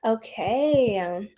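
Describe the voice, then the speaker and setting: Bubbly woman livestream host, higher voice. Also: dark tone. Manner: bubbly, greets viewers by name, laughs often. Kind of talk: casual livestream chat reading comments.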